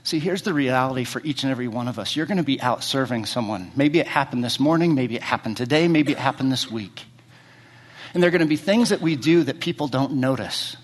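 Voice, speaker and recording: A middle-aged man preaching a sermon as pastor. He asks his congregation many rhetorical questions and speaks in short fragments, often repeating words as he restarts. He moves between quiet, low questions and louder, higher stretches. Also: a little fast.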